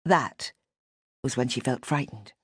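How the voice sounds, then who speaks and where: A woman narrating a mystery audiobook in a measured, even storytelling manner, close to the microphone. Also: rumbling low, slightly rough, dry recording. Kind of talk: scripted narration of a mystery novel. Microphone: close studio microphone.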